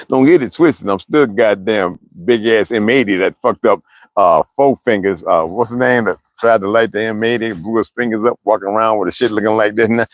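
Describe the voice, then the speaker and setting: A man's voice: lowish voice, a little slow, no room sound. A man livestreaming casual, rambling chat, cursing often and laughing between stories.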